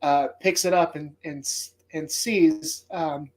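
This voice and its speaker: A man's voice: fairly high pitch, steady tone, takes it slowly, darkish tone. A man hosting a movie podcast, talking casually in a rambling, heartfelt way and swearing often. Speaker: podcast host.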